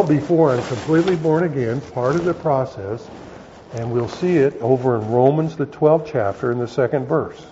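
A man's voice: on the high side, mellow, muffled recording, slight background noise. A man, a pastor teaching a Bible lesson to his congregation, explaining words one at a time and often stopping to correct himself. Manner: halting, self-correcting, explaining word by word.

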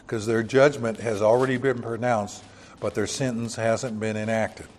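A man's voice: on the low side, steady tone, a little slow, slight background noise. An older man preaching a Bible-teaching sermon in a church, talking conversationally and asking the congregation rhetorical questions. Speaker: pastor.

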